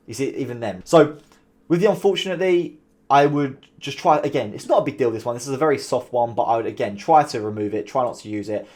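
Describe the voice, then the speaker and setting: A man talking straight to camera, giving business advice in a casual, animated way and mimicking sarcastic tones to make his points. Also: medium pitch. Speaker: call center founder giving business advice.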